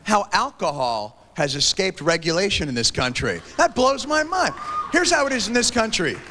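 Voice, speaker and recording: A man performing a stand-up comedy set, animated and shouting his punchlines. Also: sits high, moderate pace, background noise. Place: large theater stage with audience. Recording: 1990s VHS TV broadcast, hall reverb, laughing crowd. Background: audience laughter.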